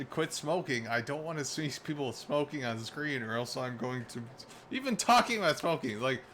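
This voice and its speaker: A man's voice: a little high, slight background noise. A man streaming live, ranting and swearing with lots of restarts and laughter. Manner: animated, swears often, laughs mid-sentence; restarts and repeats words as he rants. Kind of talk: profane ranting commentary.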